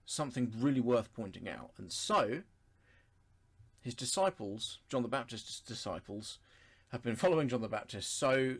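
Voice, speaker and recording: A fairly low male voice reads scripture aloud at a Bible study. He explains each verse in turn, taking his time, pausing and correcting himself as he thinks it through.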